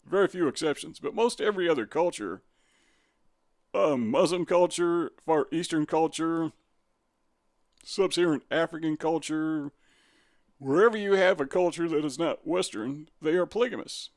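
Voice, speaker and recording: A middle-aged man delivers an opinion commentary with a sarcastic, combative edge. His voice sits a little higher than most men's. He presses his listeners with rhetorical questions, recorded close and dry with no room sound. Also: normal speed, darkish tone, no echo. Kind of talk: opinion commentary reading from a web page.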